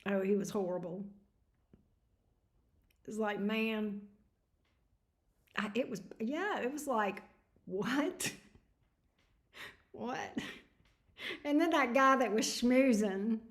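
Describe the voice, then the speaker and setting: A woman's voice: on the high side, takes it slowly, pauses often. Snarky, tired woman streamer. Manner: snarky, laughing, reading chat messages aloud. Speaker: tarot reader hosting a livestream. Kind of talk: casual livestream chat with viewers.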